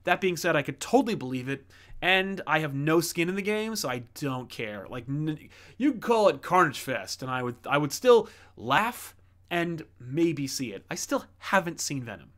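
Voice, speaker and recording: A man's voice: on the high side, very animated, normal speed, fairly bright tone. A man hosting a comic book livestream, chatting casually and rambling with lots of fillers while he reads out viewer messages. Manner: rambling, many fillers and restarts.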